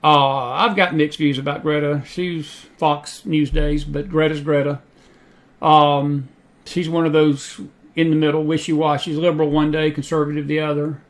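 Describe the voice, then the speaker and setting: A man's voice: a little high, level tone, moderate pace. A man from South Georgia with a Southern accent, hosting faith-based news commentary in a folksy, emphatic way that repeats key phrases. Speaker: host.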